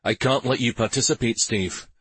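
A man voicing a loyal soldier friend who speaks in a gentle, low-key way. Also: normal speed, husky, no echo. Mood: firm.

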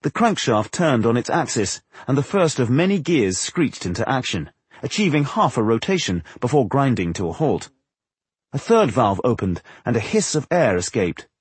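An audiobook narrator reads a fantasy novel aloud in scripted narration, telling the story in a measured, expressive way. His voice is mid-range and husky, and the recording is dry.

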